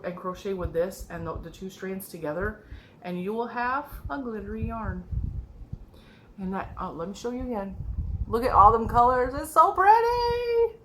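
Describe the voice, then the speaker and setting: A middle-aged woman with a nasal, stuffed-up voice excitedly showing off her yarn haul in a casual video, gushing and laughing often. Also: medium pitch, slight background noise, poor audio. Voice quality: nasal from a cold. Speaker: yarn and crochet vlogger. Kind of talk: excited casual show-and-tell.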